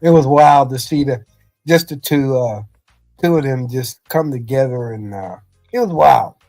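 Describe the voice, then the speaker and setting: Middle-aged man, ex-coach, loose storyteller, mid-pitched, light music under. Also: unhurried, a little mellow. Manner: rambling anecdotes with frequent "you know". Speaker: podcast host, former football coach. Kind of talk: casual storytelling chat.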